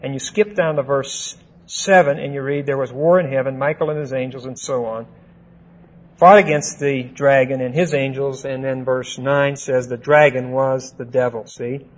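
A man teaching the Bible verse by verse, deliberate, stressing single words and checking in with "see?" and "okay?". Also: medium pitch, fairly even intonation, poor audio.

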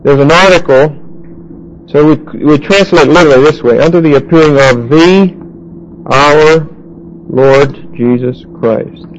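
A man teaching a Bible class verse by verse, halting with fillers and restarts and putting questions to his listeners. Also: fairly high pitch, muffled recording, slight background noise.

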